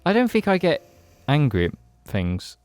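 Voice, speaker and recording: A man's voice: fairly high pitch, huge pitch swings, normal speed, a little mellow, faint music behind. A young man co-hosting a podcast in casual chat, rambling, restarting and laughing as he talks. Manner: rambling, self-correcting, laughs often. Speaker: podcast co-host.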